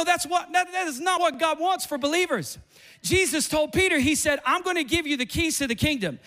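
A man preaching a fiery sermon, repeating lines and building up to shouts. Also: very high voice.

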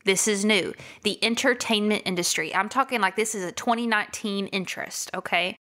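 Bright-voiced Texan woman podcast host. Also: medium pitch, fairly quick. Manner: energetic and emphatic, talks straight to listeners. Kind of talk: casual solo podcast monologue.

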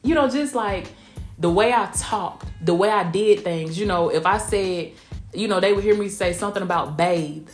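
A woman's voice: medium pitch, moderate pace. A woman from small-town Georgia with a rural Southwest Georgia accent, hosting a casual motivational podcast in a folksy, emphatic way, calling listeners honey and y'all. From Blakely, Georgia, US. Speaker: podcast host. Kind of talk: casual motivational podcast chat, also streamed live. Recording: roomy echo with faint music behind.

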